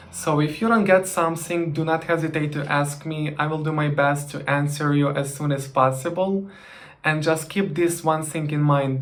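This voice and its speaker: A man's voice: fairly high pitch, a bit bright. A man teaching a language lesson, repeating each example phrase twice.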